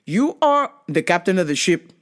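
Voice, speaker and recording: A woman's voice: on the low side, big pitch swings, normal speed. A woman imitating her elderly father as he lectures sternly and repeats himself. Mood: lecturing.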